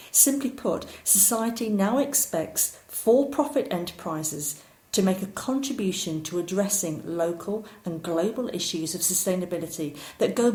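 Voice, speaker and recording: A woman giving a recorded course lecture, explaining ideas clearly and at times poking fun at herself. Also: on the low side, a little mellow. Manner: clear, explanatory, occasionally self-deprecating. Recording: roomy echo.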